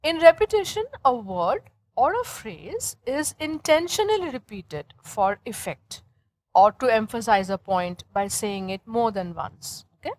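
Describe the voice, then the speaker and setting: A woman with a fairly high voice teaches grammar in a lecture, walking through each point step by step. She often stops to check in with her students. The recording is dry and close, with no room sound. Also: lively intonation, a little slow, a little mellow, no echo, rough recording. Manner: explains step by step, often checks in with "okay?" and "right?". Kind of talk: classroom lecture.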